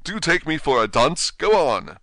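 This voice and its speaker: A man voicing a pompous, blustering king who barks orders in a raised, high voice. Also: very animated, normal speed, dry recording. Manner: loud, bossy, high-pitched.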